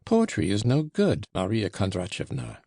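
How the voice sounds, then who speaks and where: A man's voice: fairly low pitch, huge pitch swings, moderate pace, dark tone, husky, no room sound, clean studio sound, heavily acted. Man voicing a curt, scornful young servant. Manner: curt, disdainful. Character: sullen proud young male servant, contemptuous. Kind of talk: audiobook reading.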